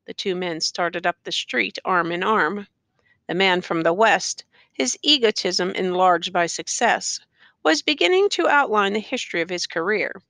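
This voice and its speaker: A woman reading a short story aloud in measured narration. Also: medium pitch, expressive, a bit bright, no echo. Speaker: audiobook reader.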